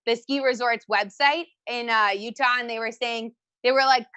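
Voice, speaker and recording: A young woman performs stand-up over a video stream, loud and giggly as she confides in her audience. Her voice sits high, and the sound is dry and close, with no room echo. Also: steady tone, normal speed, few pauses, clean tone, dull audio. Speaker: stand-up comedian. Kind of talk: online stand-up set. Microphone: handheld mic held to a phone.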